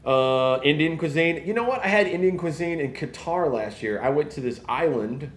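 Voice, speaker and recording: A man, hosting a casual live podcast and rambling in an animated way. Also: fairly high pitch, moderate pace, reverberant. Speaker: podcast host. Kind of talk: casual live-stream chat.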